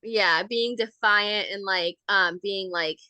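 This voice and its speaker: Bright, chatty young mother. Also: mid-range voice, slow pace, no echo. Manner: chatty, laughing, many fillers. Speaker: podcast co-host. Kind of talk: casual chat.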